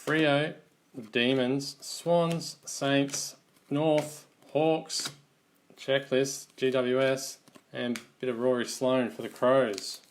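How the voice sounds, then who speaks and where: A man's voice: medium pitch, little pitch movement, extremely slow, a little hiss or hum. An Australian man hosting a live trading card box break, calling out teams and players in an easygoing running commentary.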